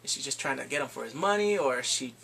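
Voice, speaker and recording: A man casually retelling a movie's plot in a rambling, excitable way, acting out the characters' lines. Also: mid-range voice, quick pace, gravelly, slight background noise. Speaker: movie reviewer. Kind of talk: casual movie review vlog.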